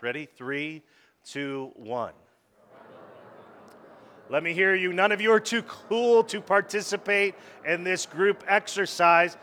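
Man, pastor, preaching sermon, call-and-response, slightly high voice, church congregation. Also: pushed and bright.

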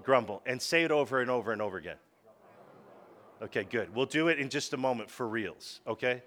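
A man's voice: medium pitch, expressive, a little fast, a bit bright. A man preaching a sermon, leading the congregation in call-and-response. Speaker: pastor.

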